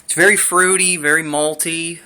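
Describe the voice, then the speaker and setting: Bright-voiced rambling young guy. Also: on the high side, steady tone, normal speed. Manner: rambling, chatty, lots of fillers. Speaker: beer reviewer. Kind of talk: casual home video review.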